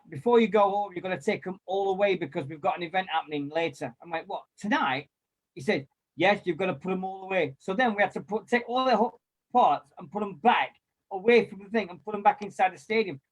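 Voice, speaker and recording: A man, chatting casually and telling lively anecdotes with mild swearing and quoted voices. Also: high voice. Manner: animated storyteller, mild swearing, acts out quotes. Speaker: former club volunteer and kit man.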